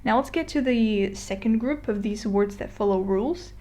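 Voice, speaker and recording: A woman's voice: mid-range voice, normal speed, darkish tone. A woman explaining a language lesson step by step, patient and plain, with casual fillers and recaps. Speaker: Spanish teacher.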